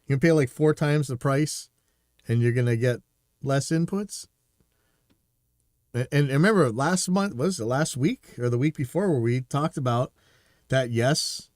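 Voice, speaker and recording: A man talks through a live stream in a loose, opinionated way, stumbling over restarts as he goes. His voice sits at an everyday middle pitch. The sound is dry and close, with no room around it. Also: a little mellow, no room sound. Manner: rambling, opinionated, restarts often. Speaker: podcast host reacting to a video. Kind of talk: casual live-stream commentary.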